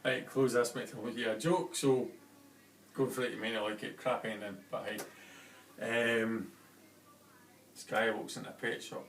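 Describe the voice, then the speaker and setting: A man telling a joke in a relaxed, broad storytelling way, filmed at home on a phone across the room. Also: mid-range voice, unhurried, long pauses, very noisy. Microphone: phone camera across the room. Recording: roomy and distant home video.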